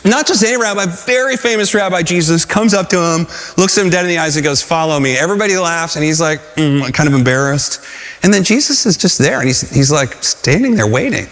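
High-voiced preacher in a reverberant hall. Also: male voice, a little fast. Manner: animated storytelling, rhetorical questions to the congregation. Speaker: pastor. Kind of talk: sermon.

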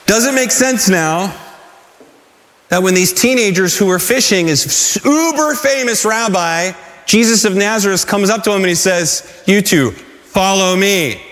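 High-voiced preacher in a reverberant hall. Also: male voice, a little slow. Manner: animated storytelling, rhetorical questions to the congregation. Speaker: pastor. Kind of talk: sermon.

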